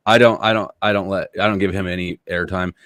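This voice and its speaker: Low-voiced man, wry and teasing. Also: steady tone, quick pace, a bit bright, dry recording, clean studio sound. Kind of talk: casual chat.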